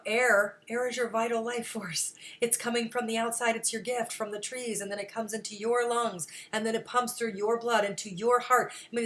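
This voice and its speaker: Soft-spoken woman guiding breathwork. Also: medium pitch. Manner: slow, soft counting with long pauses. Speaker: guest teaching breathing. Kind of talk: guided breathing instruction.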